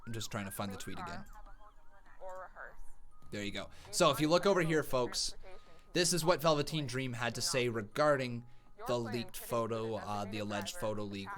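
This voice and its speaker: A young man hosting a live watch-along stream, giving casual commentary that flares into loud excited outbursts. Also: medium pitch, moderate pace. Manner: excitable, bursts into loud shouts.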